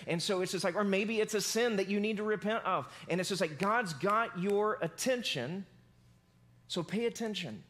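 A man with a high voice preaching a sermon. He talks the way he would in a casual chat and tells the story with animation and everyday phrases. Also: normal speed, a bit bright. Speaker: pastor.

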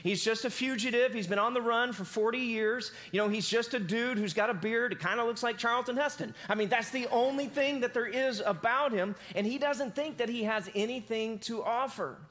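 A man with a high voice preaching a sermon. He talks the way he would in a casual chat and tells the story with animation and everyday phrases. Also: moderate pace, few pauses, fairly bright tone. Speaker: pastor.

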